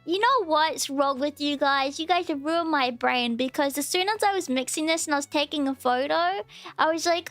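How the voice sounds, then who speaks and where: A woman's voice: moderate pace, a bit bright, no room sound, soft background music. A woman streaming as a VTuber, chatting playfully while she bakes and teasingly scolding her viewers. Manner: playful, mock-scolding chat with sudden squeaky outbursts. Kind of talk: casual stream chat.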